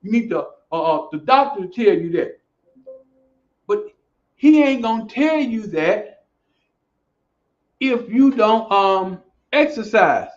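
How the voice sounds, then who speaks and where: A man with a strikingly high voice gives a preachy, repetitive motivational talk as a fitness coach. The recording is muffled and lo-fi, in an echoey room. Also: lively intonation, takes it slowly, pauses often. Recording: echoey room, dull lo-fi sound.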